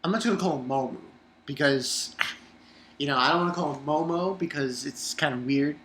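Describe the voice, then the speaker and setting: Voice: mid-range voice, expressive, normal speed, a bit bright, slight background noise. An anime reviewer recapping an episode in a rambling, casual way, swearing and using lots of fillers. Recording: roomy echo.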